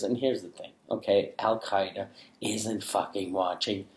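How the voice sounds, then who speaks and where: A French Canadian man, a comedian, tells a rambling story in a low voice and swears freely. He often restarts his sentences and fills them with "uh". The room has a roomy echo. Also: steady tone, normal speed, a little mellow. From Quebec, Canada. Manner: rambling, profane, many restarts and fillers. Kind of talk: casual storytelling.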